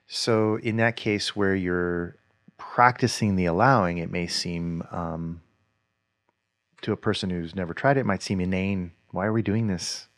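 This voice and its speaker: A man's voice: deep voice, a little slow, no room sound, studio quality. A man co-hosting a podcast, thinking aloud in a reflective, casual way. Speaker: podcast co-host. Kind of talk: casual conversation.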